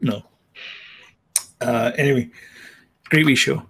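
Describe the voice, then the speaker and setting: A man's voice: medium pitch, fairly even intonation, takes it slowly, a bit bright, slight background noise. Rambling man chatting casually. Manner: rambling, hesitant, lots of fillers and restarts. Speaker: podcast co-host. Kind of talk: casual chat.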